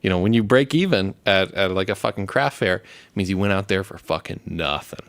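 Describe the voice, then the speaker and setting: A man's voice: deep voice, lively intonation, brisk, clean tone, no room sound. A young man in casual, profane chat, rambling through stories and laughing as he talks. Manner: rambling, swears constantly, laughs while telling stories. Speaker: show host.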